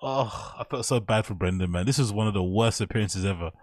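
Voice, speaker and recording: With a voice on the low side and a fairly quick delivery, a man riffs casually on clips for his commentary channel, mocking and cursing as he goes. The recording is clean studio sound without room echo.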